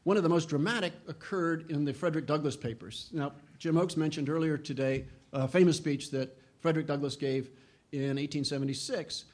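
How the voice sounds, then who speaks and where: Man, middle-aged lecturer, earnest, stumbles and restarts, pitched a bit high, rises when quoting. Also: fairly quick. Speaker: historian giving a lecture. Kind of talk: public lecture.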